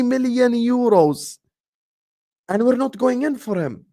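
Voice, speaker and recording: A man's voice: very high voice, animated, slow, pauses often, warm tone. Exasperated man ranting on stream. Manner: exasperated, repetitive ranting with swearing. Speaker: football live-streamer. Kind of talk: live-stream rant.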